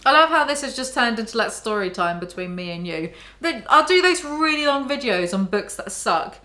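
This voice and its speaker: A young woman chatting casually and excitedly, laughing about a book she is reading aloud. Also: fairly high pitch, normal speed, hardly any pauses. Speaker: book vlogger. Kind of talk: casual chat between read-aloud passages.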